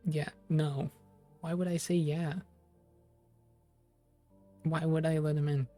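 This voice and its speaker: A gameplay streamer giving casual commentary, reacting out loud and swearing as they play. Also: medium pitch, level tone, slow pace. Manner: swears casually and reacts out loud, reads the game text aloud. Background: faint game music.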